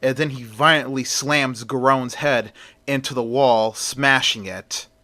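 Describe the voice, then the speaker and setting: A man's voice: medium pitch, a little slow, sharp tone. A man narrating a story in a plain, conversational way.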